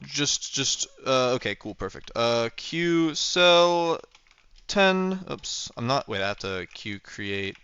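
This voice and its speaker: A man's voice: mid-range voice, expressive, takes it slowly, pushed and bright, clean tone, no echo, highs cut off. A young man livestreaming a game, chatting casually and rambling playfully as he thinks aloud while building. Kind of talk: casual gameplay livestream chat.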